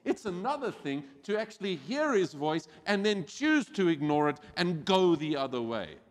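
A man preaching a sermon as pastor, animated and acting out quoted voices. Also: high-pitched, normal speed. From South Africa. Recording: church hall with long reverb.

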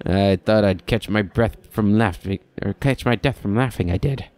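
A man's voice: lowish voice, moderate pace, a little mellow, natural voice. A man voicing a rambling, nostalgic old male keeper who chatters in a folksy, reminiscing way. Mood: chuckling.

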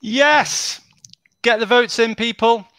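A man's voice: very high voice, fairly even intonation, takes it slowly, pushed and bright, clear, resonant tone, no room sound. A man from Wales, the show's producer, reading viewer jokes aloud in a casual, chuckling way and tripping over names. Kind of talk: casual online show chat.

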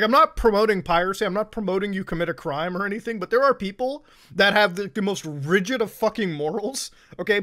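A man's voice: high-pitched, fairly bright tone. A man streaming live, ranting casually with sarcastic, profane emphasis and tagging his points with "okay?". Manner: tags lines with "okay?" and "all right?".

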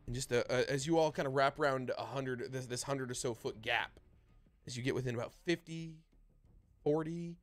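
A man with a mid-range voice serves as dungeon master for a tabletop game, narrating scenes haltingly with many fillers.

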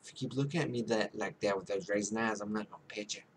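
A man casually commentating a game he is playing, soft-spoken and rambling, making fun of himself. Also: fairly low pitch, fast, slight background noise. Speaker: gaming YouTuber. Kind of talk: casual let's-play commentary.

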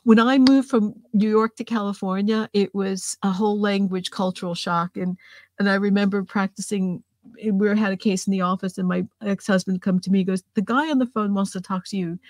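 A woman from outside Boston, hosting a casual interview and telling animated stories with lots of restarts. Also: mid-range voice, a little fast, no echo. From outside Boston, New England. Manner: chatty, stumbling restarts, animated storyteller. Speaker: host.

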